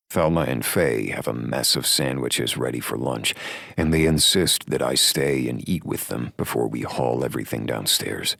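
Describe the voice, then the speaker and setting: A man narrating a romance audiobook in the first person, in a measured, wry way. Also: a bass voice, vocal fry, a bit bright, no echo, clean studio sound.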